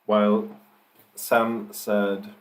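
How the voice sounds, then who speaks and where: A man's voice: on the low side, flat delivery, drawn-out words, poor audio. A man on a live writing stream, dictating his story with punctuation spoken aloud and thinking aloud between sentences.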